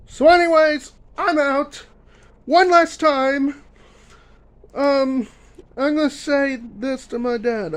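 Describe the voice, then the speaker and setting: A young man ranting in a vlog, emphatic and repetitive, filling pauses with uh and um. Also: extremely high pitch, poor audio. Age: young adult. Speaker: vlogger.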